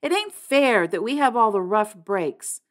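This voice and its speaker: A woman's voice: medium pitch, animated, a little slow, voice pushed up, lightly acted. A woman voicing a bitter, hot-tempered teenage boy in an audiobook reading, heated and raised. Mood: miserable.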